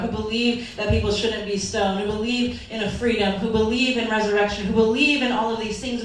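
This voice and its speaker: A woman pastor giving an earnest, emotional sermon, her voice sometimes wavering as if near tears. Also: medium pitch. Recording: echoey hall from far off.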